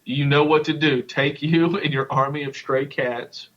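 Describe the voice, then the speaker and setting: A man's voice: on the high side, steady tone, unhurried, a bit bright. A young man co-hosting a podcast, joking and arguing in a teasing, casual way. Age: young adult. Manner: teasing, argumentative. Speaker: podcast co-host. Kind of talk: casual chat. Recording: dull lo-fi podcast audio.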